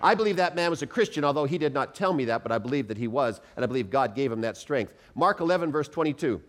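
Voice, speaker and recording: A man's voice: medium pitch, expressive, fast talker. A man preaching a sermon, emphatic, drawing the congregation in with rhetorical questions and telling personal stories. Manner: storytelling with acted quotes.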